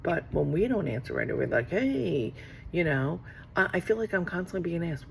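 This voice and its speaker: A woman's voice: on the low side, sing-song, normal speed, gravelly, slight background noise. A middle-aged woman talking casually to camera from her office, rambling and acting out conversations she has had. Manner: rambling, acts out quoted exchanges. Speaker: vlogger.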